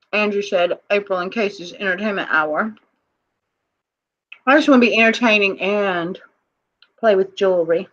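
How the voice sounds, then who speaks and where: A woman's voice: mid-range voice, a little slow, pauses often, fairly bright tone, lo-fi sound. Giggly woman hosting a live auction. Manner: chatty, giggly, reads out viewer comments. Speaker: online auction co-host. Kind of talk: casual live-stream auction chat.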